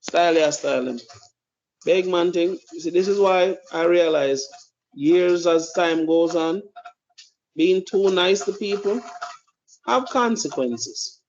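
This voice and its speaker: A man's voice: high-pitched, slow, long pauses, slight background noise. A man giving blunt, profane opinionated commentary as a podcast host. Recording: dull lo-fi recording.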